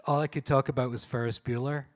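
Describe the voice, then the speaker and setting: A Scottish man speaking at a live panel event, recounting his photo shoots with eager, breathless excitement. He laughs often and stumbles over his words as the stories tumble out. His voice sits at an ordinary middle pitch. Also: quick pace. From Scotland. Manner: enthusiastic storyteller, laughs often, restarts and fillers. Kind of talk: anecdotal talk at a public event. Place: live talk venue.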